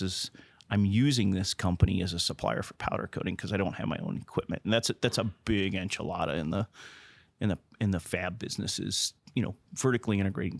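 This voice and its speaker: A man with a fairly low voice talks casually with another person, telling a long anecdote in a loose, rambling way. He keeps starting sentences over and doubling up words. The sound is dry and close. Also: vocal fry, no echo. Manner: rambling with frequent restarts and repeated words; animated when retelling others' words. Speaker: company president, interview guest. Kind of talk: casual storytelling in a conversation.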